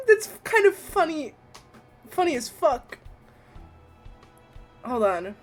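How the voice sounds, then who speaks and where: A young woman streaming a story game, reading the text and dialogue aloud in a steady voice and breaking into giggles and swearing between lines. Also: sits high, takes it slowly, faint music behind.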